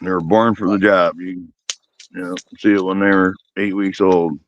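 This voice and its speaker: A man's voice: low-pitched, little pitch movement, moderate pace, dull audio, slight background noise. A man who breeds working dogs, explaining his views in an easygoing way, with many fillers. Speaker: dog breeder guest. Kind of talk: casual podcast discussion.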